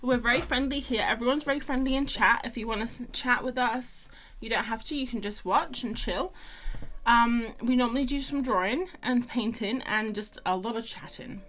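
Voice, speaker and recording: A woman's voice: a little high, moderate pace, a bit bright, a little hiss or hum. A young woman hosting a casual drawing livestream, chatting and rambling to viewers and greeting them by name. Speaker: livestream host. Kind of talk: casual chat while drawing.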